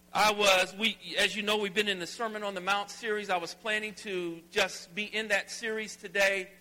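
A middle-aged pastor from Alabama preaching a sermon in a large church, folksy and conversational, rising to emphatic preaching. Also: male voice, sits high, sharp tone. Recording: long hall reverb.

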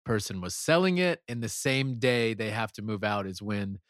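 A man's voice: on the low side, animated, moderate pace, fairly bright tone, no echo, studio quality. A man in his thirties co-hosting a podcast, talking in an easygoing, earnest way. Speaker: podcast co-host. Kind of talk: casual chat.

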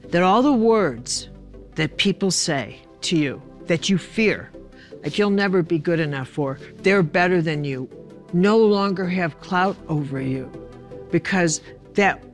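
A woman, a spiritual author and speaker, teaching in a reflective, emphatic way and often putting questions to the listener. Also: fairly low pitch.

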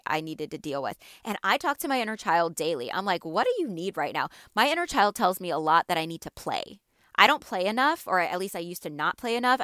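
Gentle, chatty woman podcast host. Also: mid-range voice, no room sound, clean studio sound. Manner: gentle, reassuring, rambling with fillers. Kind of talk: casual solo podcast talk.

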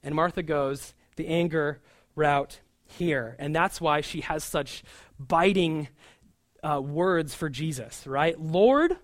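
A man's voice: a little high, slow pace, no room sound, studio quality. Chatty man giving a sermon. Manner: animated and chatty, with frequent asides. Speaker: pastor. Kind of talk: conversational sermon.

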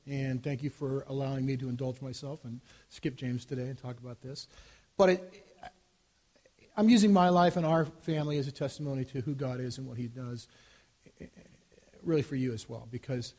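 A man in his fifties, a pastor, preaching a sermon by telling a personal story, earnest and halting with frequent restarts, dropping to a hushed voice at tender moments. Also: medium pitch. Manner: grows quiet and hushed as the story turns tender.

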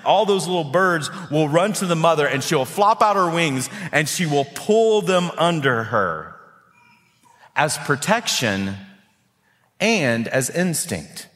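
A male pastor preaching a sermon with animated delivery, often repeating words as he builds his points. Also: a little high, slow, long reverb tail.

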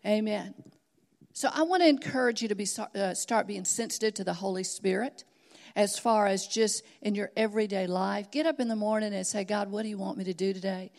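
A woman's voice: medium pitch, a little fast, a little mellow. A middle-aged woman preaching a sermon, telling stories earnestly and building to emphatic exhortation.

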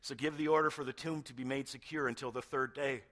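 A middle-aged male pastor preaching a sermon, retelling a story with hushed moments and emphatic build-ups. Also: mid-range voice, fast talker. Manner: animated storytelling, swings between hushed and emphatic.

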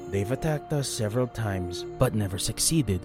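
A man voicing a fearless small Kithkin man, a calm and measured strategist laying out his reasoning, over background music. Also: fairly low pitch, pitched above the performer's own voice, natural voice. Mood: grave. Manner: measured, explaining. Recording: fantasy audiobook with music bed.

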